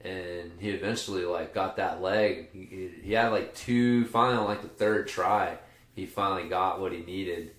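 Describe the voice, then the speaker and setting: A man who hosts a casual podcast and coaches jiu-jitsu talks at length in a low, slightly bright voice at normal speed. His chat is rambling and profane, full of restarts, and the sound is reverberant.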